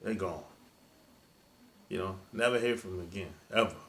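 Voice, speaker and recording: A man's voice: low voice, normal speed, fairly bright tone, a little hiss or hum. A man giving dating advice in a monologue, emphatic and repetitive, in casual speech with dropped verb endings. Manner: colloquial, drops verb endings. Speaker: dating coach.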